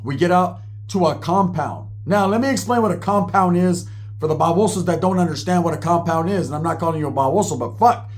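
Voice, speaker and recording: A man's voice: high voice, brisk, slight background noise. A man telling a wild personal story in casual, profane, slang-filled talk, acting out the people he quotes.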